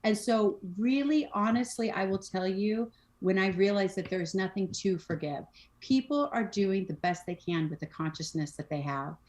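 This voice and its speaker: A woman's voice: mid-range voice, lively intonation, moderate pace, darkish tone. Emphatic woman, repeating herself for effect. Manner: emphatic, repeats phrases, acts out quoted speech. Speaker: podcast guest. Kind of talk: casual conversation on mental health and spirituality.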